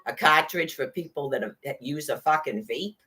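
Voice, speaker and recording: A woman's voice: low voice, moderate pace, bright, forceful tone. A woman in an angry, profane rant, firing off sarcastic rhetorical questions.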